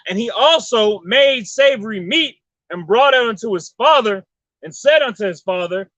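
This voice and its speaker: A man with a very high and bright voice reads scripture aloud and names each verse number before he reads it. The sound is dry and dull, with no room echo. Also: animated, moderate pace. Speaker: scripture reader. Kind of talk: reading Bible verses aloud.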